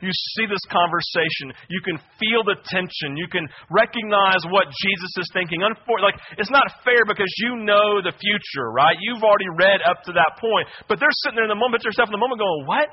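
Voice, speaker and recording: Young man, pastor, lively sermon, high voice, dull lo-fi sound. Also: husky. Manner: animated storytelling with asides like "right?". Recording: dull lo-fi audio.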